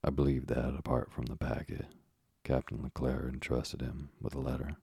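A man playing a scheming ship's officer, low and husky. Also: little pitch movement, normal speed, warm tone, no echo, clean studio sound, exaggerated voice. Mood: insinuating.

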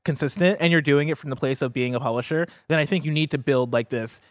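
A man's voice: mid-range voice, quick pace, hardly any pauses, no room sound, clean studio sound. A man co-hosting a casual gaming news talk show, chatting loosely with lots of fillers and reading out a release list. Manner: loose and chatty, frequent fillers, laughs easily.

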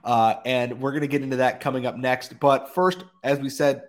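A man's voice: medium pitch, fairly even intonation, moderate pace, few pauses. A man hosting a casual sports podcast with a cold, reading ad spots and ranting in an exasperated way. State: has a cold. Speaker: podcast host. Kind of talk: casual sports podcast chat and read ads.

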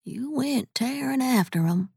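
A woman voicing a soft-spoken male sheriff in a western tale, talking quiet and measured with folksy turns. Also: very high-pitched, animated, creaky, husky, no echo, studio quality, voice pushed up, heavily acted.

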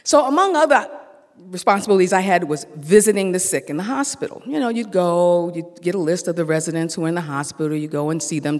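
A storyteller telling a personal story live on stage, acting out the dialogue with lively voices. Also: medium pitch, big-room sound. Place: theater stage.

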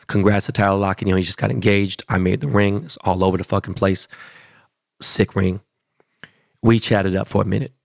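Gravelly-voiced man telling stories. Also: lowish voice, no echo, studio quality. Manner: profane, boastful storytelling. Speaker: podcast host. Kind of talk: casual chat.

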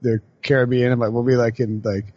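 A man's voice: mid-range voice, level tone, a little fast, mellow, no room sound, lo-fi sound. A man co-hosting a casual sports podcast, rambling with lots of fillers and frequent laughs. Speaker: podcast co-host.

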